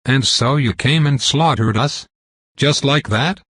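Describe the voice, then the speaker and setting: A man's voice: lowish voice, expressive, moderate pace, a bit bright, breathy edge, dry recording, studio quality. A man voicing a veteran war mage who heads security, bitter and defiant.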